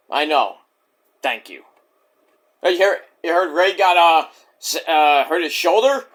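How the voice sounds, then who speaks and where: A man's voice: a little high, lively intonation, unhurried, long pauses, a bit bright. A man recapping a wrestling show in a casual, jokey way, with mocking asides.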